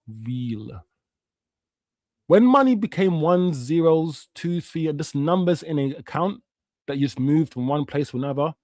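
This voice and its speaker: A man's voice: a little high, dry recording. A man, hosting a live watch-along stream in a heated, slang-filled rant that often swears. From Jamaica. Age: 50s.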